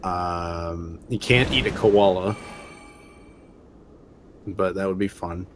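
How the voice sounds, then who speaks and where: A man's voice: low-pitched, slow, background noise. A man chatting casually on a stream, telling rambling stories with many fillers. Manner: relaxed, rambling storyteller with frequent fillers. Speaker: show regular. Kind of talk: casual chat during a game stream.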